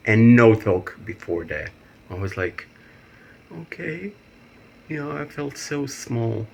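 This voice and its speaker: Male vlogger, very deep gravelly voice, rambling and emotional, faint background hiss. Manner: emotional, rambling, laughs nervously. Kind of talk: personal video diary.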